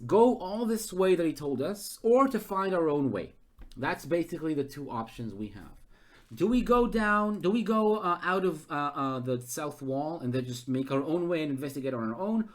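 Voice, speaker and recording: A man who runs a gamebook live as game master, thinking aloud and getting excited. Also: fairly high pitch. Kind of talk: live-streamed gamebook narration.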